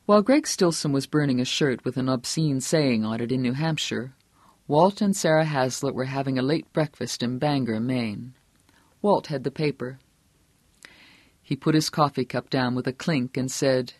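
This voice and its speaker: A man reading a novel aloud as audiobook narrator, steady and measured. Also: medium pitch, dry recording. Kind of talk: scripted narration.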